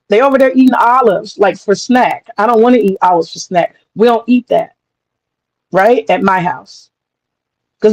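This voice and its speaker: A woman's voice: on the high side, a little mellow, no echo, rough recording. A woman talking in a blunt, profane casual monologue as a commentator, acting out other people's voices as she goes.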